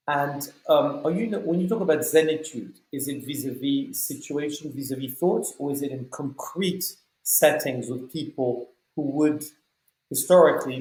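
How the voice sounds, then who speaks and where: A male podcast host speaks with a mid-range voice. He asks long, measured questions that wander, with plenty of fillers along the way. His voice carries the echo of a roomy space. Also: medium pitch, a little mellow. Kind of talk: conversational podcast interview. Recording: echoey room.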